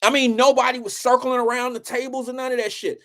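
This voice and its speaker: A man's voice: very high voice, flat delivery, fast talker, pushed and bright. A man hosting his own show, telling a long story in loose, profane, slang-heavy casual speech.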